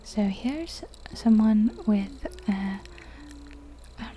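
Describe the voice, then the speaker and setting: A woman doing a whispered role-play as an ASMR gamer, chatting softly and giggling as she plays. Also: mid-range voice, drawn-out words, slight background noise. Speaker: ASMR game streamer.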